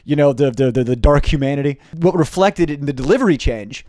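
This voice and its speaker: A young male comedian talks straight to camera in a quick, lively stream, dropping curse words and sarcastic asides. His voice sits a little high for a man and sounds close and dry, with no room echo. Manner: fast, animated delivery with profane jokey asides. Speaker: stand-up comedian and video host. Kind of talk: casual comedy commentary to camera.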